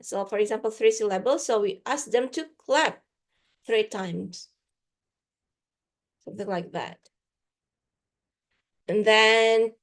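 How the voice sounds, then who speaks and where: A woman with an Indonesian accent gives a guest lecture to teachers, giving classroom examples and slipping into Indonesian now and then. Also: a little high. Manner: mixes Indonesian into English, frequent "for example".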